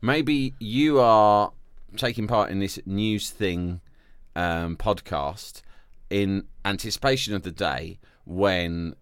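A man co-hosting a comedy podcast who tells crude, animated stories, recorded in a small cupboard. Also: lowish voice, slow pace, clean tone, no room sound, studio quality. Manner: crude, animated storytelling with swearing. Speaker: podcast co-host. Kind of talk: casual comedic chat.

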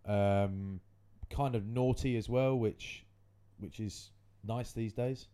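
A man's voice: lowish voice, steady tone, takes it slowly, warm tone, clear, resonant tone. A man, hosting a podcast and telling rambling stories in casual chat. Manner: rambling anecdotal storytelling. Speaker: podcast host.

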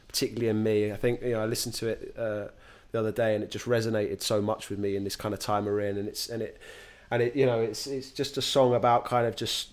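Halting British actor, chatty guest. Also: male voice, on the low side, steady tone. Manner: halting, many restarts, slangy. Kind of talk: casual podcast chat.

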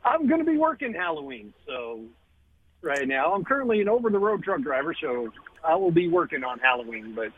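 Cheerful husky man calling into radio. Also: on the high side, sing-song, fairly quick. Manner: cheerful, enthusiastic. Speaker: radio caller. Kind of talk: phone-in chat. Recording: phone line.

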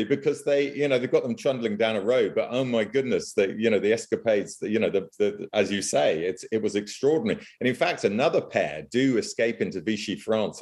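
A man's voice: lowish voice, a little mellow. A man, a historian guest on a film podcast, talking knowledgeably with frequent fillers. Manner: knowledgeable, fills gaps with uh and you know.

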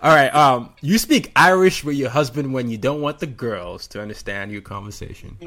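A man from Nigeria hosting an interview, enthusiastic and quick to laugh and exclaim. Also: mid-range voice, fairly bright tone. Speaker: host. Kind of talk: casual interview chat.

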